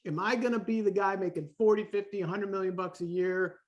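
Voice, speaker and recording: A man in his forties, a podcast guest, talking in a lively way and acting out the voices he quotes. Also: high voice, brisk. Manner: animated, acts out quoted voices. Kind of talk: casual conversation.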